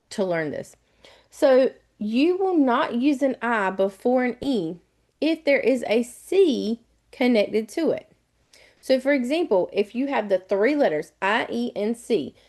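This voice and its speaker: A woman's voice: mid-range voice, a little mellow. A woman with a Southern US accent, giving a live online test prep lesson and explaining each step over and over in a chatty way.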